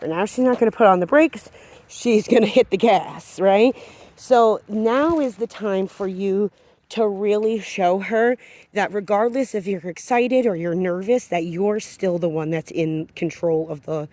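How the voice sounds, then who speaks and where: Woman, dog trainer, outdoor walk-and-talk lesson; steady explainer, mid pitch. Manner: explains calmly, breaks into high sing-song praise for the dog. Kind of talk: instructional walkthrough while training. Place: outdoors on a street, walking a dog.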